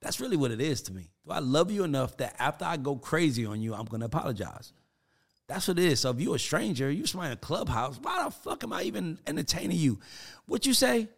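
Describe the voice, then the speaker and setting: A man's voice: medium pitch, quick pace. A man talking casually as a podcast guest, telling stories with energy, acting out the quotes and cursing freely. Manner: animated storyteller who acts out quotes, curses freely.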